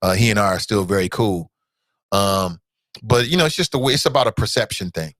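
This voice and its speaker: A man hosting a talk show in a casual, animated way, swinging his pitch up and down. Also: brisk, no echo, clean studio sound.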